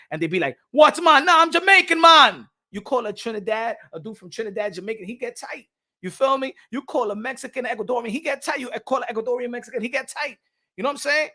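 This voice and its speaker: High, bright-voiced Puerto Rican boxing host. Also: male voice. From Puerto Rico. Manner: rambling, repeats words, switches between English and Spanish. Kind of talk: casual live-stream commentary.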